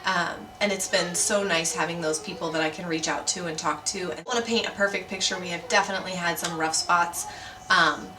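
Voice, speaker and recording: A woman's voice: on the low side, fairly even intonation, brisk. A woman, an adoptive mother, talking candidly and earnestly to camera in a casual home vlog. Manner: candid and earnest, with soft fillers. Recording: roomy sound from a distant mic, faint noise.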